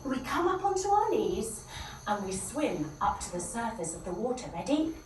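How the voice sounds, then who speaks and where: Animated high-voiced woman leading kids. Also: normal speed. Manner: playful, animated storytelling with chants. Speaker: day camp leader. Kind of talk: kids' yoga story, guiding movements. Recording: echoey room, distant mic, background noise.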